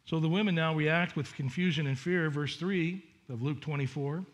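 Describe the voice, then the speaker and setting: A male pastor delivering a sermon, his voice sitting a little high for a man. He reads scripture aloud and breaks into animated voices for the people in the story, rising and dropping as he goes. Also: moderate pace, hardly any pauses. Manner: animated, acts out voices of the women and disciples.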